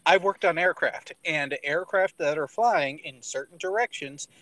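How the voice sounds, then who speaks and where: A man who has worked on aircraft, explaining in a halting way with restarts on a casual group call. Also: on the high side, a bit bright, no echo, low-quality recording. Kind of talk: casual online group chat. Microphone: computer mic on a video call.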